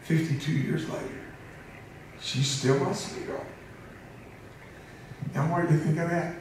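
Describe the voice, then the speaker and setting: A man in his seventies tells a story to a crowd, mixing jokes with emotion and laughing often. His voice sits a little high for a man. It rings through a large echoey hall, picked up from a distance with faint ambience behind. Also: fairly even intonation, unhurried, darkish tone, a little hiss or hum. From United States. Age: 70s. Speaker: motivational speaker. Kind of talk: storytelling speech to an audience.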